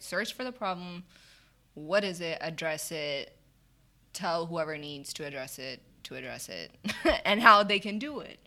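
A woman telling a story in a casual chat, acting out the people she quotes and laughing often. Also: fairly low pitch. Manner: animated, acts out quoted dialogue, laughs often.

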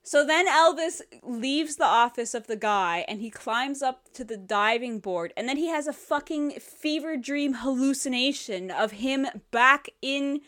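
A woman co-hosting a casual movie podcast, with a slightly high voice. She rambles through the plot with lots of laughter and swearing. Her talk is loose and unscripted. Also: animated, a little slow, hardly any pauses, fairly bright tone. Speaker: podcast co-host. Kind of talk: casual movie review chat.

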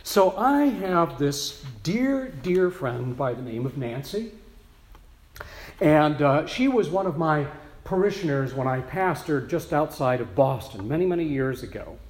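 High-voiced pastor in an echoey church. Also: male voice, big pitch swings, a little slow. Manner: conversational storytelling with many asides. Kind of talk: sermon.

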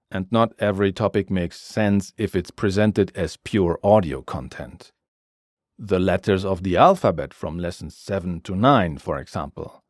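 A man teaching a grammar lesson in a scripted, measured way, giving each word and then its translation. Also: on the low side, darkish tone, no echo, clean studio sound. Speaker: language teacher.

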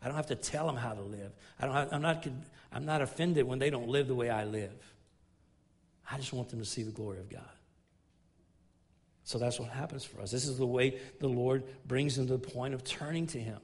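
Speaking fairly quickly, a middle-aged man preaches a sermon with earnest conviction. As the pastor, he layers emphasis through repeated and restarted phrases and brings his voice down low for stories.

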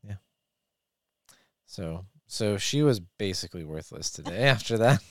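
A man's voice: on the low side, animated, measured pace, no room sound, studio quality. A man briefly summing up his partner's story in a casual chat.

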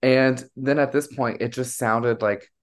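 Candid male podcast guest, mid-pitched. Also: fairly even intonation, measured pace. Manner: candid, giggly, talks through reactions. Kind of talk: casual chat.

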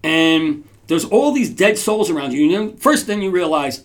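A man's voice: fairly high pitch, expressive, normal speed. A man hosting a podcast, telling a story casually to his audience in a rambling way, with restarts and frequent checks like "right?". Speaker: podcast host.

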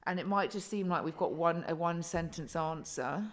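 A woman's voice: on the low side, normal speed. Sweary chatty woman podcast co-host. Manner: sweary, chatty, lots of ums. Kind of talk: casual podcast chat.

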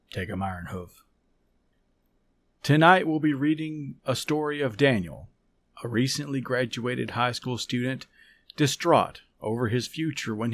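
A man hosting a podcast, reading a story aloud in a calm, measured, soft-spoken way. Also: mid-range voice. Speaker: podcast host and story reader. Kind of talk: scripted story narration.

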